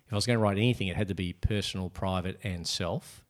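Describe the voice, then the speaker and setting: Middle-aged man, low-ish, author recounting his book's road in conversation. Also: quick pace. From Australia. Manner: animated, acts out quoted voices. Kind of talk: casual interview storytelling.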